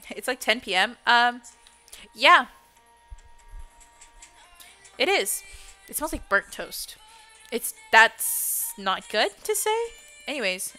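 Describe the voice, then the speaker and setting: A woman's voice: on the high side, pushed and bright. A young woman streaming a game and chatting casually, swearing constantly and playfully. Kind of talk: casual gameplay chat.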